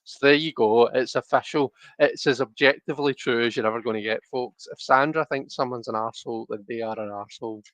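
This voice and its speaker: A man's voice: mid-range voice, fast talker, few pauses, fairly bright tone, no room sound. A man hosting a casual tarot livestream, rambling and chatty with lots of restarts and fillers, talking straight to his viewers. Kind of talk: casual chat to live viewers.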